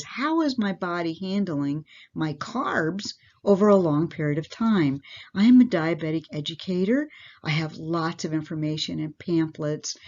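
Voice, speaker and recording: A woman's voice: lowish voice, darkish tone. Woman nurse explaining health basics. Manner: plain-spoken explaining, asks listeners questions directly. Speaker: parish nurse. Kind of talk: health education talk to a congregation. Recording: dull lo-fi recording.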